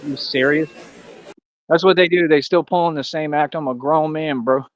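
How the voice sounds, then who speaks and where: Young man, streamer, boastful and taunting, slangy, fairly high voice, dry close sound. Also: steady tone, normal speed, no echo, some chatter behind. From Austin, Texas. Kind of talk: live stream monologue.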